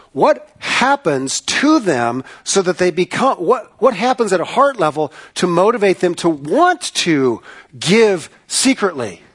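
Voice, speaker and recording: A man delivering a sermon with a fairly high voice. He presses his points by repeating phrases and firing rhetorical questions at the congregation, earnest and emphatic throughout. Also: slightly rough. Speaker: pastor.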